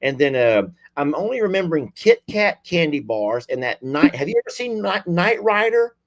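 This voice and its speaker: Folksy man, lively pitch. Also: moderate pace. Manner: folksy, effusive, lots of y'all and sweetie. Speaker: livestream host. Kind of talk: casual chat with callers.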